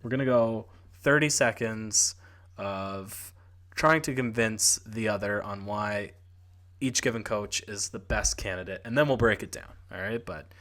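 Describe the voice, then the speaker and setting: A man's voice: on the low side, fairly bright tone. A man co-hosting a casual sports podcast, joking around and laughing often with his co-host. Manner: playful, laughs often, quick asides.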